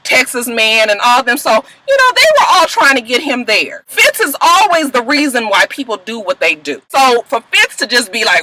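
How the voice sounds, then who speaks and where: A woman's voice: fairly high pitch, animated, a little fast, sharp tone, a little hiss or hum, low-quality recording. Sassy, profane young woman vlogger. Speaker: vlogger recapping TV episodes. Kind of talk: casual TV recap vlog.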